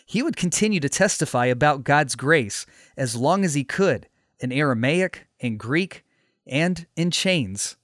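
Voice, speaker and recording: A man narrating a scripted story in a steady, measured way. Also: on the high side, dry recording, clean studio sound.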